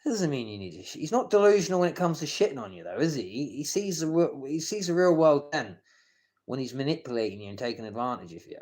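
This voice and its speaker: A man's voice: medium pitch, sing-song, quick pace, a little mellow. A man ranting casually on a live stream, stammering and restarting his sentences, coarse and confrontational as he swears at people. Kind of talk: rambling live-stream rant.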